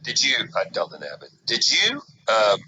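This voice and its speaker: A man co-hosting a casual podcast drops in short, dry, teasing remarks and questions. His voice is very bright and sharp. Its pitch swings widely from word to word. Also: huge pitch swings, moderate pace, slight background noise, rough recording. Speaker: podcast co-host. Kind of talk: casual chat.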